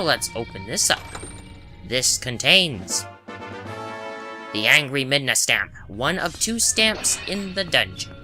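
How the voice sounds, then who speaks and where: Chatty man narrating a game walkthrough. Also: fairly high pitch. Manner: chatty, self-correcting, wry asides. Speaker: gameplay commentator. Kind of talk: casual game walkthrough commentary. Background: game music.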